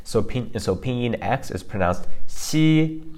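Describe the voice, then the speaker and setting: A man's voice: lowish voice, normal speed. A man co-hosting a casual language lesson, explaining pronunciation loosely with fillers and restarts. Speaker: language teacher co-host. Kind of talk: casual instructional podcast.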